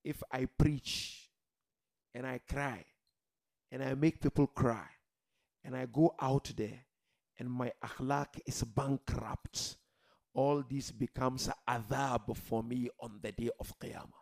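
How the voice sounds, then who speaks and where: A man preaching a religious sermon to a seated gathering, emphatic, swinging from loud declarations to quiet murmurs and addressing the listeners directly. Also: mid-range voice, steady tone, takes it slowly, creaky. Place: gathering hall with a seated audience.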